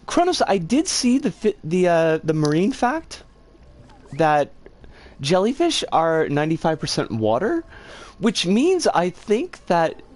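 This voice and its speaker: Animated, giggly streamer chatting with viewers. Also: mid-range voice. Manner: chatty, giggly, swears when frustrated. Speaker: livestreamer reading chat. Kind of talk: casual stream chatter while gaming.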